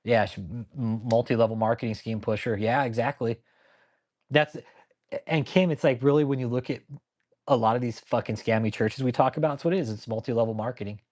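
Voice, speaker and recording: A man's voice: mid-range voice, fairly even intonation, fairly quick, a little mellow. A man hosting a casual commentary stream, talking bluntly and profanely in a rambling way and answering viewers by name. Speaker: channel host.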